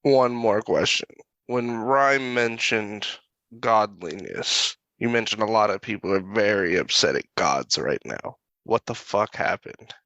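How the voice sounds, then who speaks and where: A man's voice: lowish voice, animated, unhurried, bright, forceful tone, no room sound, dull audio. A man playing a tabletop game, asking blunt questions in a casual way and swearing. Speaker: player. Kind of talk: casual chat at a gaming table.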